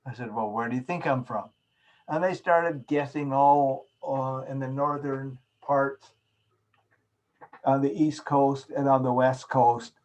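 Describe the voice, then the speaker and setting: A man's voice: medium pitch, fairly even intonation, unhurried, darkish tone, rough recording. Man teaching public speaking technique. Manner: instructive, demonstrates vocal techniques.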